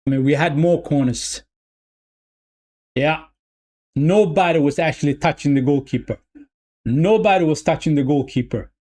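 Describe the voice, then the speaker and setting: A man's voice: fairly high pitch, normal speed, long pauses. A man streaming a live football watch-along, calling the play loosely, repeating lines and talking straight to his viewers. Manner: excitable, talks to viewers as "people".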